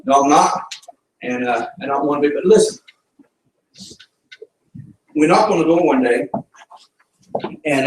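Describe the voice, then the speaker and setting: A man's voice: on the high side, a little mellow, slight background noise. A middle-aged man with a Southern accent, a missionary giving a folksy, fervent presentation to a church. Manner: folksy storytelling, fervent preaching. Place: church sanctuary. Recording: echoey church room from a distance.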